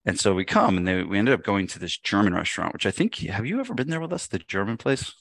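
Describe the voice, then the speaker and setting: Male podcast guest, deep and dry, animated chatty storyteller. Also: fast, no echo. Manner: animated, many fillers and restarts. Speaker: podcast guest, gym business speaker. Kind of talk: casual storytelling.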